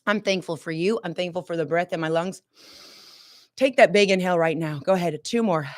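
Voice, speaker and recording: An energetic woman hosts a motivational live stream, talking straight to her viewers and urging them to repeat affirmations. Her voice sits at an ordinary middle pitch. The sound is close and dry, with no room echo. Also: fairly quick. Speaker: motivational host.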